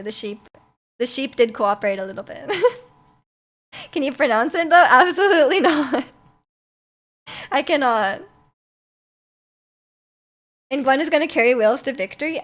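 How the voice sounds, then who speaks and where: A woman's voice: high voice, moderate pace, pauses often, fairly bright tone. A young woman, chatting casually as a livestreamer, giggling and answering her chat aloud. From Canada.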